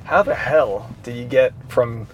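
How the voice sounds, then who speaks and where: A man's voice: medium pitch, measured pace, a little hiss or hum, low-quality recording. A man hosting a casual interview, chatty and joking, asking rambling questions with many restarts. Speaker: host. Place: in a car.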